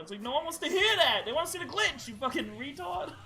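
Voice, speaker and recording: A man's voice: very high voice, animated, fast talker, a crowd in the background, poor audio. A man co-hosting a podcast, telling stories in a casual, rambling way with lots of swearing. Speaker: podcast co-host. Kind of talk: casual chat.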